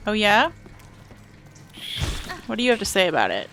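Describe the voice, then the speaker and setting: A woman streaming a game and chatting casually, excitable and joking, with frequent swearing. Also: medium pitch, normal speed, vocal fry, long pauses, a little hiss or hum. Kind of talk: casual livestream commentary while playing.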